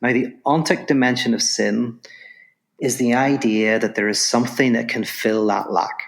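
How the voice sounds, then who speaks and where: Gravelly and mid-range, this man's voice moves at a normal speed. He's from Northern Ireland and, as a lively podcast guest, voices the characters in a parable before unpacking abstract ideas, backing up to restart phrases along the way.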